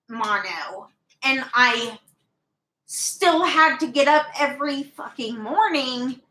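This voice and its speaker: A woman's voice: sits high, bright, forceful tone. A young woman vlogger rambling through a personal story in candid, profane casual talk. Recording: roomy echo.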